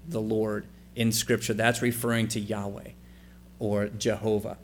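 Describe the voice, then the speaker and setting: A pastor with a mid-range, fairly even voice preaches at a moderate pace over slight background noise. He reads scripture aloud, explains it conversationally and inquiringly, asks the congregation questions, and spells out letters for emphasis.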